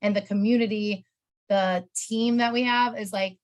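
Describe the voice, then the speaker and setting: In an interview, a woman who works as a sales promoter tells her own story in a casual, rambling, emotional way, saying "like" again and again. Her voice is medium in pitch with fairly even intonation, and she speaks at a moderate pace.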